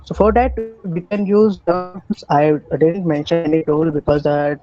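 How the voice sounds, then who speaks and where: A man with an Indian English accent lectures an online cybersecurity class, his voice a little high and mellow. He talks in halting bursts, full of fillers and restarts, and the call audio sounds muffled. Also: fairly even intonation, faint music behind. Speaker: cybersecurity instructor.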